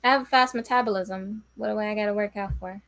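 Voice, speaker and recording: A woman co-hosting a casual wrestling review podcast, answering in brief, measured remarks. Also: medium pitch, fairly even intonation, fairly bright tone, no room sound.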